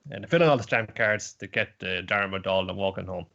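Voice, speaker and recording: A man's voice: deep voice, brisk, gravelly, fairly bright tone, highs cut off. Rambling man on an anime podcast. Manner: rambling, lots of fillers and laughs. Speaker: podcast host. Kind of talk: casual chat, retelling episodes.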